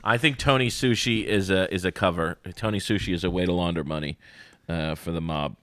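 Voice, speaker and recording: Low-voiced man hosting a casual podcast. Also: brisk, dry recording. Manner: rambling, animated storytelling with voices. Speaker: podcast host. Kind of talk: casual chat.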